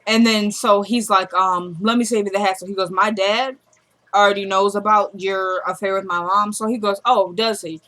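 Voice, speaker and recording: A woman's voice: mid-range voice, steady tone, normal speed, fairly bright tone. A woman casually recapping a TV drama episode, acting out the characters' lines as she retells each scene. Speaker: show recapper.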